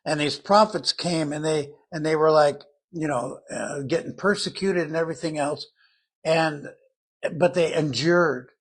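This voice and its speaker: An older man preaching a sermon in an earnest, conversational Bible-teaching manner, with a husky voice. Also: fairly high pitch, fairly even intonation, measured pace.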